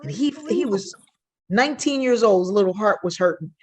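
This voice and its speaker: Older woman telling lively stories. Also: mid-range voice, fairly quick. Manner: animated, acts out quoted voices. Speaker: guest sociologist. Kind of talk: storytelling in a podcast interview.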